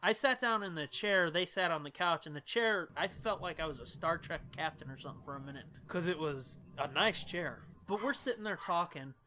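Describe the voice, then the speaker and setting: Male podcast co-host, bright edge, loose profane storyteller. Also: a little high, lively intonation, fairly quick, hardly any pauses. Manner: profane, rambling anecdote telling with laughs. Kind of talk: casual storytelling.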